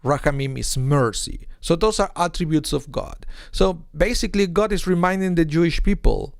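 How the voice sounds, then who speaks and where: A rabbi leads a casual online Torah class, his voice gravelly and set a little higher than most men's. He talks in an animated way, asking rhetorical questions and acting out quotes to make his points. The sound is close and dry, with no room around it. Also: moderate pace, no room sound. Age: adult with a young son. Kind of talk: informal online Torah lesson.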